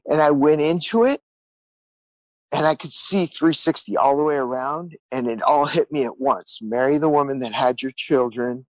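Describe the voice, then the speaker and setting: A man's voice: on the high side, moderate pace, no room sound, low-quality recording. Earnest rambling male storyteller, dry sound. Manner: earnest, rambling, repeats words, acts out quotes. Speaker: guest musician. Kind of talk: candid storytelling interview.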